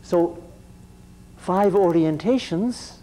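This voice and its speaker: A man's voice: sits high, extremely slow, warm tone. A man giving a classroom lecture in a digressive, joking, conversational way.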